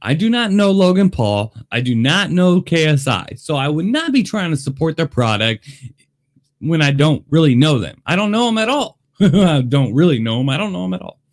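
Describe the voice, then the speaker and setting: A man chatting excitedly in a casual taste-test vlog, talking to his viewers. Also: on the high side, moderate pace. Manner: excitable, chatty, lively delivery. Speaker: vlogger. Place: Las Vegas.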